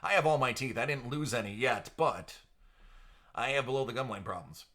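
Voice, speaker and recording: A man chatting casually on a live stream, projecting into a studio microphone in a radio-ready way. His voice is bright and forward, and his pitch sits in an everyday middle range. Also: brisk. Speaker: live stream card breaker host. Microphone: entry-level studio microphone.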